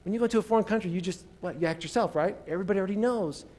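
An American pastor preaches a sermon at a church service in a high voice at a racing pace. He swings between loud, emphatic lines and soft near-whispers, and has the congregation repeat after him.

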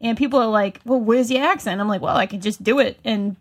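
A woman's voice: a little high, a little fast. A woman with a thick Rhode Island accent, chatting casually as a podcast guest. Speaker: guest reviewer.

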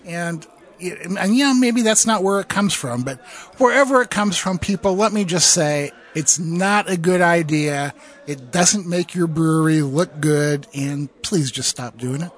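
A man's voice: fairly high pitch, unhurried. A man co-hosting a beer podcast, opinionated and stammering into his points in casual chat. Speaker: podcast co-host.

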